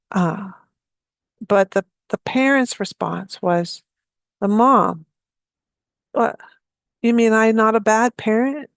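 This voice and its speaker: Lady telling a story in a talk, gentle, dry mic, nothing around. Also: mid-range voice, no echo. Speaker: speaker giving a free talk.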